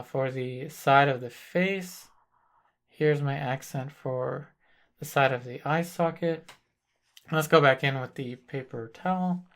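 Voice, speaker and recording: A man leads a painting lesson in a slow, unhurried delivery. His voice has a gravelly rasp, and he talks through each step calmly and deliberately, like someone working at the easel as he speaks. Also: fairly high pitch. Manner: thinks aloud while working, calm and deliberate. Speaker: painting instructor. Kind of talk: live painting demonstration.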